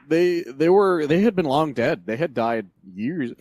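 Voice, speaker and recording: A man's voice: a little high, expressive, unhurried, a little mellow, dry recording. A man co-hosting a casual comics podcast, talking in a rambling way with frequent laughs and restarts. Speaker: podcast co-host. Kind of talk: casual chat about comics.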